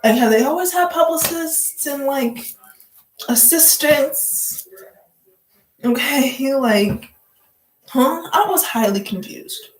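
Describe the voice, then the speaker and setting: A woman's voice: high voice, lively intonation, slow, pauses often, echoey room, poor audio. A woman vlogger giving casual gossip commentary, blunt, profane and joking, full of "like" fillers.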